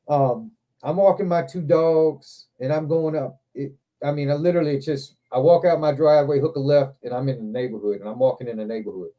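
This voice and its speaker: A man hosting a livestream, telling rambling, profane anecdotes in a loose, animated way. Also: medium pitch, brisk. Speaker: livestream host. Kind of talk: casual storytelling chat.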